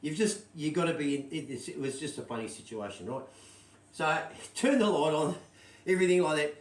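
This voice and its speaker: A man's voice: a little high, lively intonation, fairly quick, a little hiss or hum. A man telling a rambling, swear-laden story in casual anecdotal style, checking in with "right?" constantly. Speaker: show host telling a story. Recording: roomy echoey sound.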